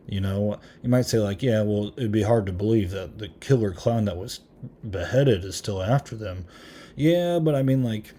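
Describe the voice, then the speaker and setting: A man's voice: fairly low pitch, warm tone. A man hosting a podcast, giving a casual movie review in a rambling way, full of "um"s, with an occasional chuckle. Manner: rambling, many filler ums; chuckles now and then. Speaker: podcast host.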